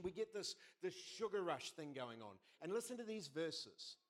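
A middle-aged man preaching a sermon as pastor, telling stories with lively quoted voices. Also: a little high, moderate pace. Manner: animated storytelling with quoted voices.

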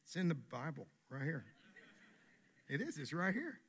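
A male pastor delivers a sermon with animated emphasis and frequent repeated restarts. His voice sits slightly high and sounds bright and forceful. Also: moderate pace, breathy edge.

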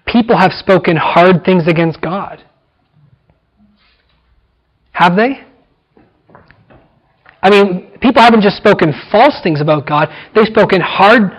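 A man preaching an expository sermon, repeating key words and slowing down for emphasis. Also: sits high, poor audio. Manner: emphatic, repeats phrases, slows down for weight.

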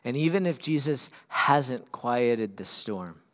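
A man preaching a sermon as pastor, swinging from loud, urgent peaks down to quiet, earnest lows. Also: lively intonation, takes it slowly.

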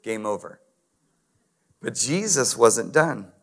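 A man's voice: mid-range voice, lively intonation, slow, vocal fry, fairly bright tone. A man preaching a conversational sermon, talking straight to the congregation and asking them to respond. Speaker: pastor. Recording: long hall reverb.

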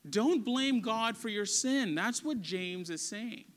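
A man's voice: sits high, lively intonation, takes it slowly. A male pastor preaching an earnest, emphatic sermon in a conversational way.

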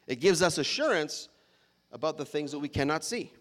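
A man preaches in a relaxed, conversational way, reading scripture aloud and stepping away from it for playful asides. His voice sits high for a man, and he laughs lightly now and then as he talks. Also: a little fast. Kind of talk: casual sermon with scripture reading.

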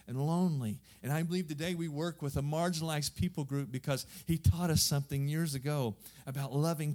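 A man's voice: a little high, darkish tone. A middle-aged man from southern Missouri with its accent, preaching a sermon as a missionary in an earnest, exhorting way.

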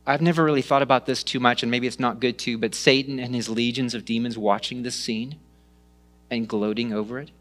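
A man preaching a sermon, retelling stories with lively rises and hushed drops. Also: mid-range voice, brisk. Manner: animated storytelling, dropping to hushed tones. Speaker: pastor.

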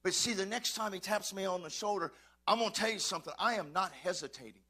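A male pastor preaching fervently in a church, swinging from shouts to quiet asides and calling out to his congregation. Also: high voice, fast talker, slightly rough. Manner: addresses congregation, calls and repeats. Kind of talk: preaching a sermon.

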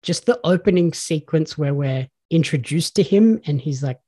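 An Australian man hosting a podcast in a relaxed, chatty way, recounting stories with real enthusiasm. His voice is mellow and slightly husky, sitting a little higher than most men's. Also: normal speed. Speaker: podcast host. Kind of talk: casual chat.

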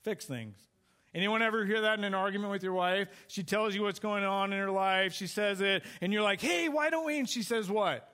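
High-voiced man preaching a sermon. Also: fairly even intonation, normal speed, bright, forceful tone, clear, resonant tone. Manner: conversational, asks the congregation questions. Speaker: pastor.

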